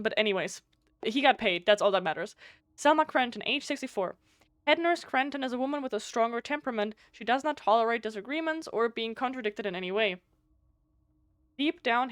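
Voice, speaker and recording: Higher-voiced German woman streamer. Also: dry recording, studio quality. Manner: stumbles over words and restarts often; chatty, thinks out loud. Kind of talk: live game stream, reading game text aloud.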